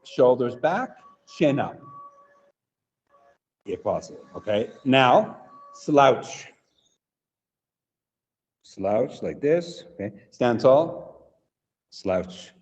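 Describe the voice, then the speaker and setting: A man running a live online workshop for teachers, energetic and demonstrative, often checking in with "right?". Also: mid-range voice, very slow, long pauses, long reverb tail, lo-fi sound. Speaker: teacher trainer.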